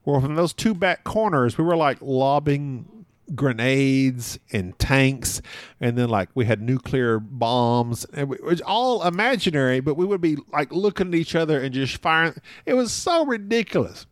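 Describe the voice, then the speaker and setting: A man chats as a podcast guest and tells animated stories, often laughing as he talks and poking fun at himself. His voice is recorded close and dry, with no room sound around it. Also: medium pitch, moderate pace, no echo. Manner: animated, laughs often mid-sentence, self-deprecating. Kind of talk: casual conversational storytelling.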